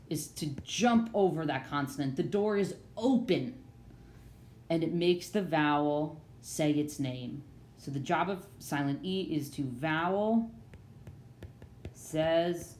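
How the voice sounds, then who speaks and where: A woman teaching a phonics lesson to children, with an animated, sing-song delivery. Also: deep voice, slight background noise. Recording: echoey room with faint ambience.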